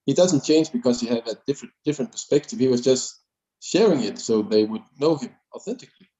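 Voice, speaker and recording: A man hosting an interview who responds to his guest in a calm, affirming way. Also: mid-range voice, quick pace. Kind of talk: interview conversation. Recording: dull lo-fi recording.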